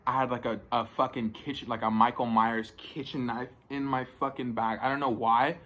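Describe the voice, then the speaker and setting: A man's voice: mid-range voice, little pitch movement, moderate pace, sharp tone. Rambling, cursing young man vlogger. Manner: rambling, profane, filler-heavy retelling. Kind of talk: casual storytime vlog.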